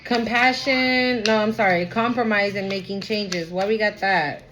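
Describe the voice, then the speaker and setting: A woman talks her way through a tarot reading for her viewers, chatty and emotional, often breaking off mid-sentence to start again. Her pitch sits in the middle range. A steady, clearly heard noise runs under her voice. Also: moderate pace, rough recording. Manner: chatty, emotional, trails off and restarts. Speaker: tarot reader. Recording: background noise.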